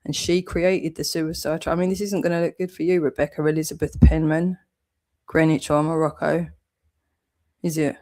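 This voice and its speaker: A woman's voice: deep voice, flat delivery, moderate pace, darkish tone. A British woman with a southeast English accent, delivering a heated, accusatory vlog rant full of swearing. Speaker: channel owner.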